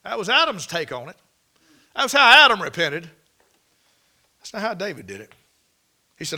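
Male preacher, sermon, higher voice, folksy, emphatic, rhetorical questions. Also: sing-song, normal speed, pauses often, bright, forceful tone.

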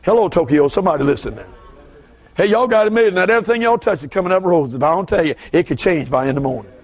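A man with a Southern US accent preaching a fervent revival sermon as a guest preacher, dropping to low asides and rising to shouted bursts. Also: lively intonation, fast talker, slightly rough.

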